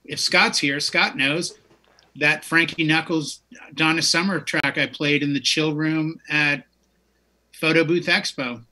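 A man's voice: on the high side, steady tone, a little slow, pushed and bright. A man in his fifties, a DJ hosting a casual music chat, who talks with enthusiasm and wanders off into long stories. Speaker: DJ and show host.

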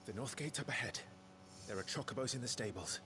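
An actor playing an earnest young knight and dutiful elder son who speaks solemnly and sometimes in a hush. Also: male voice, mid-range voice, fairly quick, background noise, close to an everyday voice. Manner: solemn, dutiful, hushed at times. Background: game music.

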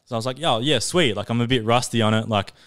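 A man's voice: medium pitch, fast talker, fairly bright tone, clean tone. A young man, casually telling a long, sweary story on a podcast and laughing along as he goes. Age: young adult. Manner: laid-back, sweary, laughs while telling. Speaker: podcast co-host. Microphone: podcast studio mic.

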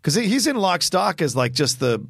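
A man's voice: high-pitched, very animated, normal speed, creaky, a bit bright, slightly rough, no echo, clean studio sound. A man co-hosting a film podcast, chatting casually and swearing freely. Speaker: podcast co-host.

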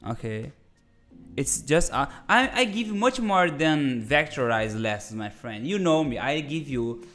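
A man's voice: medium pitch, expressive, unhurried, a bit bright, faint music behind. A man hosting a casual live-stream design lesson, chatty and full of restarts, calling viewers "my friend".

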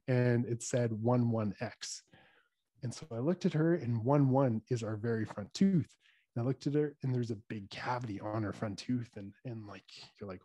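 A man's voice: mid-range voice, steady tone, normal speed, mellow, no room sound. A man telling a story as a dentist guest on a podcast, earnest and talking with fillers and restarts. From Canada.

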